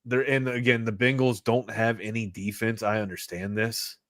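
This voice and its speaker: A male sports talk host giving betting picks in a loose, excitable, slangy way. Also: lowish voice, normal speed, dry recording, studio quality. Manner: loose and excitable, slangy, says "man" a lot.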